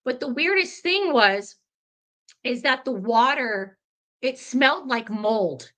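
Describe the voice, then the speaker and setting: A woman guest telling a ghost story in an interview, animated and chatty, with many fillers. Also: fairly high pitch, slow pace.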